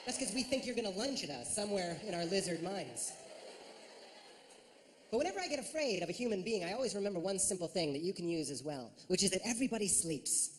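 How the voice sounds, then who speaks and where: A man performing a stand-up routine on a theater stage, lively and jumping into high silly voices. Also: quick pace. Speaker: stand-up comedian. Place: large ornate theater stage. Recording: reverberant theater with audience noise.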